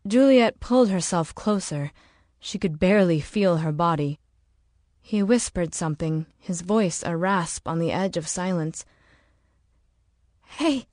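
A woman reading an audiobook in slow, measured, dramatic narration. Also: lowish voice, darkish tone, no echo, clean studio sound. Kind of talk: scripted narration.

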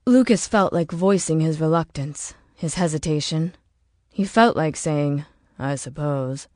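A woman narrating an audiobook in a steady, measured way. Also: deep voice, no echo, studio quality.

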